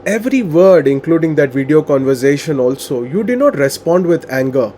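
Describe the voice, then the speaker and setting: A man's voice: a little high, lively intonation, brisk, mellow, slight background noise. A man interviewing a guest, earnest and wordy, with many "you know" and "uh" fillers. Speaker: interviewer and coach. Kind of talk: conversational interview questions.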